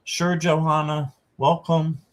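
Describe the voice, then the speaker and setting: Slow, chatty man reading cards. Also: fairly high pitch, level tone. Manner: chatty, reads card text aloud. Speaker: tarot reader. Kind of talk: live-stream card reading.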